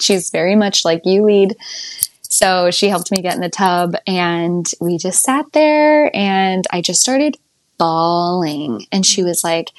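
A young adult woman tells a podcast host her birth story in a chatty, animated way, speaking a little slowly. She laughs a lot and her voice jumps high whenever she quotes herself, recorded dry with almost no room sound.

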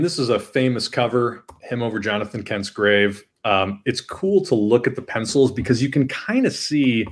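Animated man talking comics. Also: medium pitch. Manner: animated, breaks into excited exclamations. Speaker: podcast co-host. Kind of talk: casual chat about comic art.

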